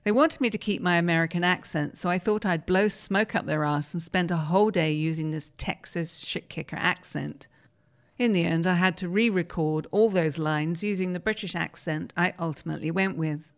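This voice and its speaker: A woman, reading newspaper articles aloud on the radio in a steady, measured way. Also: fairly low pitch. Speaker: radio reader.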